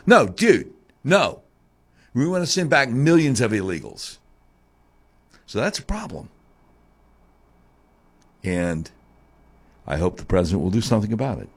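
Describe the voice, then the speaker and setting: A man hosting talk radio, delivering a monologue that swings from a low grumble to high mocking tones. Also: sing-song, moderate pace, long pauses.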